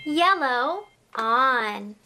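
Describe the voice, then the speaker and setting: Hosting a toddler learning show, a woman speaks extremely slowly in a high, expressive voice, with loud music behind her. She's a children's educator using playful, exaggerated sing-song teaching, making animal sounds and encouraging the little viewer directly.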